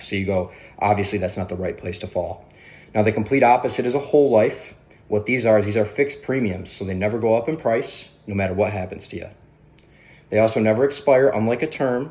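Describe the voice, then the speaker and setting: A man coaching others through a sales pitch in a brisk, conversational way, often tagging on "right?". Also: a little mellow. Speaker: sales trainer.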